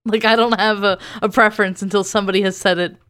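Woman cohost tossing in wry one-liners, smooth clear voice. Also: mid-range voice, fairly even intonation, a bit bright. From New Jersey. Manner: quick, wry interjections and reactions. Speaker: podcast co-host. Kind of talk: casual chat.

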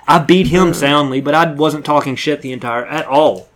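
Young male podcast co-host, higher voice, animated profane storyteller. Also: moderate pace, slight background noise. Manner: animated, profane anecdote teller. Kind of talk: casual storytelling chat.

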